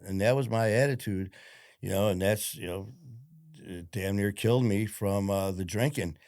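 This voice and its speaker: Deep-voiced man telling war stories. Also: normal speed, darkish tone, dry recording, clean studio sound. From Detroit, USA. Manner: rambling, profane, frank, with many fillers. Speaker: podcast guest, former police officer. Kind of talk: casual storytelling interview.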